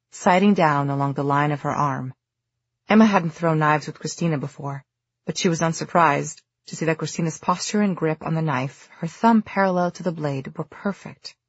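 An audiobook narrator reading a novel in steady, even storytelling. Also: mid-range voice, dry recording, muffled recording. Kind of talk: scripted narration.

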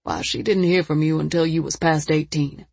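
A woman reading a storybook, voicing a gruff but caring older man who talks in folksy rural grammar with a lowered voice. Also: steady tone, moderate pace, a little mellow, no room sound, full character voice. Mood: concerned.

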